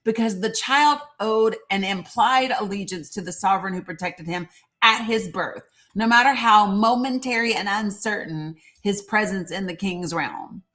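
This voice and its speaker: A woman's voice: mid-range voice, normal speed, fairly bright tone. Impassioned woman hosting a live stream. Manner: reads legal text aloud, breaking off with fillers and asides; impassioned and outspoken. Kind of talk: casual live-stream news commentary.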